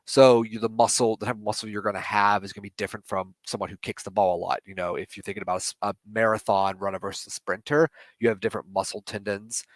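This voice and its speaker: A man with a low voice chats on a live football stream, recorded dry and close to the mic. He rambles and corrects himself mid-sentence, offering strong opinions along the way. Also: steady tone, fast, few pauses, no room sound. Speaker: podcast co-host.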